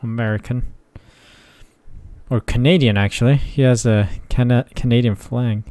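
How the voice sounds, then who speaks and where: A man's voice: mid-range voice, steady tone, moderate pace, dark tone, dry recording. A young man giving muttered, sarcastic let's-play commentary from his desk microphone. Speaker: gaming channel host.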